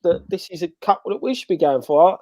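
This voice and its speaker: High-pitched bloke, chatty and dry-sounding, calling in over video from home. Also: male voice, fast, darkish tone, no echo. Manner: chatty, repeats himself as he talks. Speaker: regular panelist. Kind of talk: casual chat. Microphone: video call from home.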